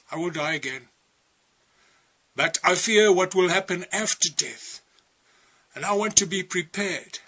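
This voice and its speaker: A man from South Africa preaching a testimony sermon, earnest and warning, sometimes dropping to a hushed near-whisper. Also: on the high side, slightly rough.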